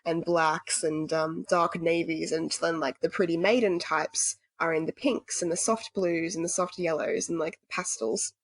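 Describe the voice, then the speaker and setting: Podcast co-host, woman, lower-pitched, casual and chatty, dry close mic. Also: steady tone, moderate pace, hardly any pauses, dry recording. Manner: chatty, swears casually, lots of "like".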